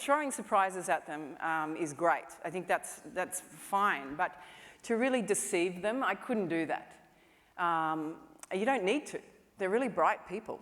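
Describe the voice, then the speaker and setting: A woman film director giving a conference talk, telling stories in a chatty way with lots of "you know" fillers. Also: medium pitch. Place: conference hall stage. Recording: long hall reverb.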